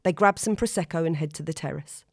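Brief: female narrator, steady expressive reading, low voice, dry booth. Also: fast talker, vocal fry, no room sound. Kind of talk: audiobook narration.

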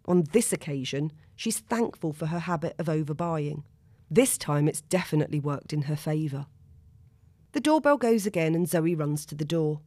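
Low-voiced woman narrating a story. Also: moderate pace, no room sound, clean studio sound. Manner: steady, expressive reading. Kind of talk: audiobook narration.

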